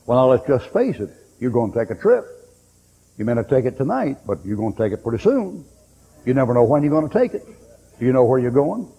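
Folksy shouting preacher in an echoing hall. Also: male voice, mid-range voice, sing-song, brisk, husky. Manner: folksy, blunt and joking, with sudden shouts. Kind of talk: fiery sermon. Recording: dull old recording with long hall echo and faint hiss.

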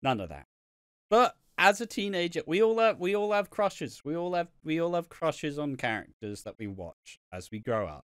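A man co-hosts a podcast, recapping a soap in a casual, laughing, heavily sweary chat and often acting out the characters' lines in voices. His voice is fairly high, sing-song and fairly bright, at normal speed, with a clean tone and a dry, clean studio recording.

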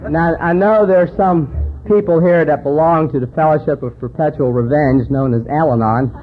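Speaking at a moderate pace, a man with a fairly high voice delivers a recovery talk laced with folksy jokes and anecdotes to a hall audience. The phone-like recording is tinny and carries a little hiss or hum.

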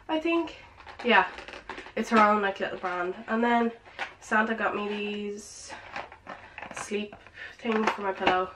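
A woman's voice: medium pitch, background noise. A teenage woman chatting through a present haul, out of breath, saying "like" and "um" constantly. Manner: chatty, filler-heavy, lots of "like" and "um". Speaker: vlogger. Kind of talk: casual present haul vlog. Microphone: camera with ring light.

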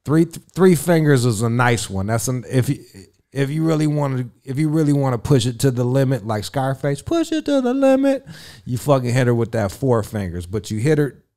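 A man's voice: medium pitch, a little fast, warm tone. A man who works as a radio personality, telling crude stories as a guest in a profane, rambling, swaggering way. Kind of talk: crude casual storytelling.

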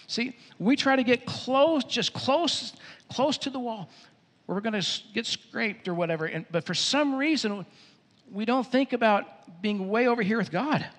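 Guy preaching at church, pretty high voice, repeats stuff for emphasis, big echoey hall. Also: lively intonation, fairly bright tone. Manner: emphatic preaching with repeated phrases, drops low and quick for storytelling. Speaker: pastor. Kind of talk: sermon. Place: church venue.

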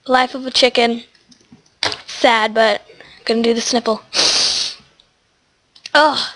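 A teenage girl with a stuffy, sniffly voice hosts a gaming channel, chatting and rambling through a casual gameplay tutorial and even talking to the animals in the game. Her voice is a little high and a bit bright, with a steady tone, and she takes her time.

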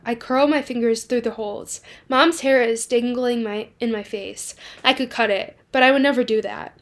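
A woman hosting a book club reading, reading a novel aloud in the first person with small slips. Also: a little high.

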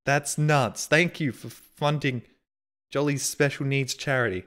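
A man's voice: medium pitch, steady tone, unhurried, fairly bright tone. A man streaming live, reading out viewer donations and messages in casual, self-mocking, sarcastic banter.

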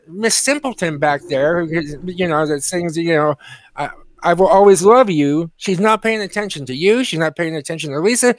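Podcast co-host, male, high voice, profane animated storyteller, dry booth. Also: dry recording.

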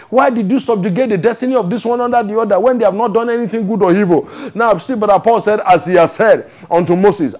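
A man preaching a sermon with prophetic declarations, emphatic and repetitive, who keeps asking the congregation whether they follow him and swings between fast rushes and slow, drawn-out proclamations. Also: sits high. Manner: emphatic, repeats "ladies and gentlemen", asks the crowd if they follow.

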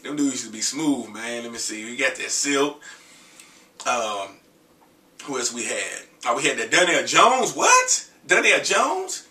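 Male R&B singer, 30s, profane casual chatter, bright tone, unhurried, slightly hoarse from a cold. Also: medium pitch, lively intonation, echoey room, distant mic. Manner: loose, profane, joking chat between sung snippets. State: getting over a cold. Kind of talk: casual vlog with singing.

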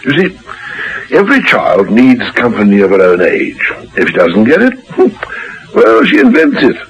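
A calm, kindly old doctor. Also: male voice, mid-range voice, unhurried. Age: older. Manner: calm, explanatory. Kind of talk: 1950s radio drama acting. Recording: dull old radio recording.

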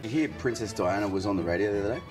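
A man trading dark jokes in casual banter. He laughs through his lines and swears casually. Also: fairly low pitch, racing, music in the background. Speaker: joke-telling podcast co-host.

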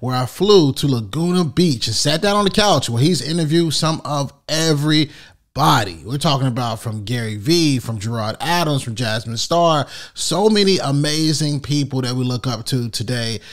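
A man's voice: mid-range voice, lively intonation, moderate pace. A man hosting a podcast, introducing an episode in a casual, familiar way and calling his listeners "fam". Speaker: podcast host.

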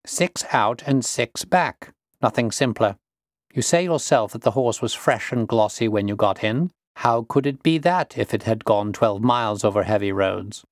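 Storybook detective, calm and assured, deliberate delivery, voiced by a man. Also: on the low side, dry recording, studio quality, lightly acted. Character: calm, confident male detective.

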